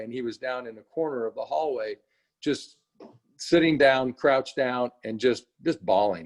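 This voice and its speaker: A middle-aged man with a fairly high voice tells a story to his team in an earnest, animated way. He checks in with his listeners often and builds toward a lesson about not giving up. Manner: earnest, animated storytelling with frequent "you know" and "right?". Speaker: speaker at a morning team meeting. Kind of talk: storytelling motivational talk.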